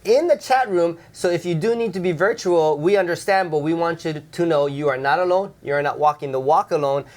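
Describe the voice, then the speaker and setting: A man's voice: on the high side, fairly quick, darkish tone. Friendly joking male livestream host. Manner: friendly and joking, reads out viewers' chat messages. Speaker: co-host of a church pre-service livestream. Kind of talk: casual chat.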